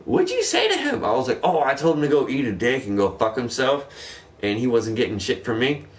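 A young man in casual chat, telling a profane, animated story about a rude customer. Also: mid-range voice, fairly quick, distant mic.

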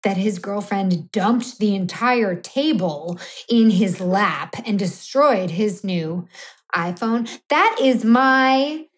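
A woman's voice: medium pitch, animated, slow pace. Blunt, explicit woman storyteller. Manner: blunt, explicit, self-mocking. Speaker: podcast co-host. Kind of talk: candid comedic storytelling.

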